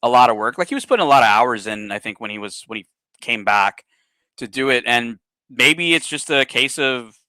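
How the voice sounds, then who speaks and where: Man, stream host, casual chat, rambling, lively pitch, dry sound. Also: brisk, no echo. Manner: rambling, with many fillers. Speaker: livestream host.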